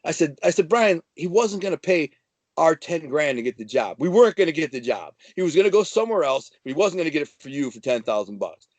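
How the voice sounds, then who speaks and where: A man's voice: a little high, lively intonation, fast talker, a little mellow, dry recording. Brash man with a dry close sound. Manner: brash, swaggering, slangy. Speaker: guest telling prison-life stories. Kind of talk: casual storytelling.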